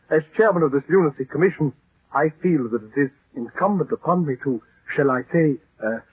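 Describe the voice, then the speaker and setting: An actor in 1940s radio acting, playing a pompous male chairman of a lunacy commission who hesitates and clears his throat. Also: medium pitch, dry recording. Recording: dry, tinny old radio recording.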